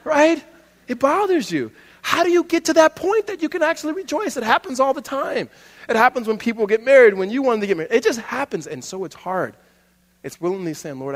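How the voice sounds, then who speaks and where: A male pastor delivers a conversational sermon, his voice a little higher than most men's. He swings from loud bursts to hushed asides and laughs often. The sound carries a long reverb from a big hall.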